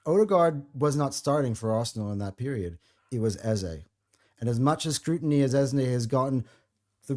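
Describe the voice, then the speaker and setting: With a medium-pitched, darkish voice, a podcast host talks football in a casual, warm, eager way, often restarting his sentences.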